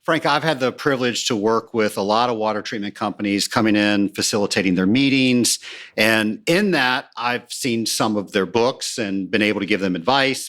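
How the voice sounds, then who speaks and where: Man hosting, asking measured questions. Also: fairly low pitch, a bit bright. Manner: measured, asks long framing questions. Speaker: podcast host. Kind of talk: interview questions.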